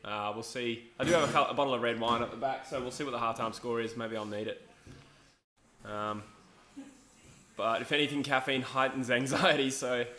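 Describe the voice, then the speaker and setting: A man's voice: mid-range voice, bright, forceful tone. A young Australian man chatting through a live football match on his stream, cracking jokes between calls of the play. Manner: chatty, jokey, quick asides and chuckles. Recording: echoey room.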